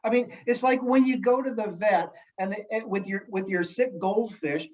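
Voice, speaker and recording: A man speaking as a guest in casual podcast chat, telling stories in an animated, jokey way with many restarts. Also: high voice, moderate pace, highs cut off. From United States. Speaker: guest, sales executive and elected official.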